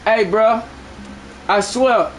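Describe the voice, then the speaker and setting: Male game streamer with a strikingly high voice; loud, jokey, profane live banter over a faint hum. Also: drawn-out words.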